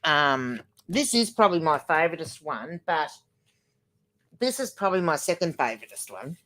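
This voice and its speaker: A grandmotherly older woman chats loosely through a livestream, her voice sitting a little low. She rambles from one thought to the next and reads viewer comments aloud as she goes. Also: big pitch swings, normal speed, a bit bright. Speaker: livestream host. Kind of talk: casual livestream chat.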